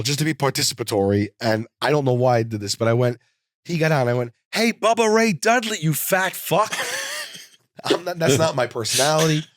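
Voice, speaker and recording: New male comedian, animated storyteller, middle pitch, dry studio sound. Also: dry recording. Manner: animated, with many restarts and acted quotes. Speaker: comedian guest. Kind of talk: casual storytelling.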